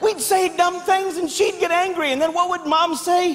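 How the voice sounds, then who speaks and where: A man performing stand-up comedy on stage, telling animated stories and acting out family members in loud, barked voices. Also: extremely high pitch, moderate pace. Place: large hall with live audience. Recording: echoey hall with faint background noise.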